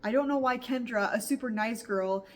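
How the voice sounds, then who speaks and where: A woman's voice: on the high side, normal speed, a little hiss or hum. A young woman book vlogger chatting casually at home about a novel she is reading, reacting with laughs. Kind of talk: casual reading vlog chat. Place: home in the countryside.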